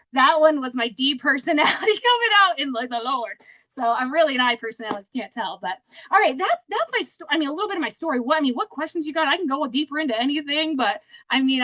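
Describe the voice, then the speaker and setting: A young woman with a high voice tells her story in a casual, upbeat way, full of faith and jokes about herself. The recording is close and dry, with no room sound. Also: a bit bright, no room sound. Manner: chatty, faith-filled, self-deprecating. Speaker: guest speaker, sales director. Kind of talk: casual motivational talk.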